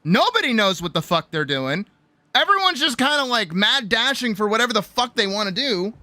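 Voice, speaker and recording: A woman's voice: a little high, very animated, brisk, pushed and bright, dry recording. A woman streamer giving a rambling, profane pep talk in casual livestream chat. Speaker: streamer and artist.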